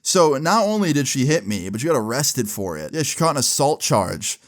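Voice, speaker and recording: A man's voice: mid-range voice, very animated, moderate pace. A young man casually telling a personal story, swearing freely and filling with "like" and "you know". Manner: casual, profane, lots of fillers.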